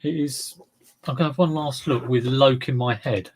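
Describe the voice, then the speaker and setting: Guy rambling to his stream viewers while listing stuff, gravelly voice. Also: medium pitch, steady tone, normal speed, a little hiss or hum. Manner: chatty, rambling, talks to viewers while handling items. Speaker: reseller livestream host. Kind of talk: casual livestream chat while listing items.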